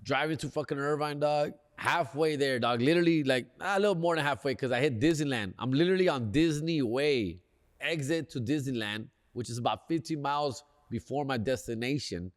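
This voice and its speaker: A man's voice: mid-range voice, a little fast, long reverb tail. Slangy Los Angeles man telling a story. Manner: slangy, animated, peppers lines with "fool" and "dog". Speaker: comedian and podcast host. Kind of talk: casual storytelling.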